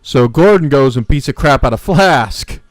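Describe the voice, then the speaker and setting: A man's voice: medium pitch, lively intonation, moderate pace, dry recording. A man co-hosting a podcast, casually recapping a TV episode in a rambling way full of fillers and restarts. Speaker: podcast co-host. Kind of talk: casual chat.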